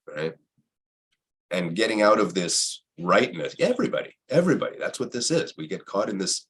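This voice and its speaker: A man in a reflective spiritual conversation who repeats phrases and asks himself rhetorical questions, with a husky voice. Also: on the low side, sing-song, normal speed, fairly bright tone.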